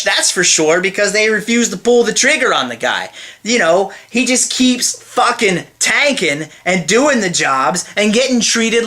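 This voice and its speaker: Man, high voice, tense edge, heated profane rant, exasperated. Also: pushed and bright. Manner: heated, swears constantly, exasperated. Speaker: wrestling event reviewer. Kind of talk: profane ranting review.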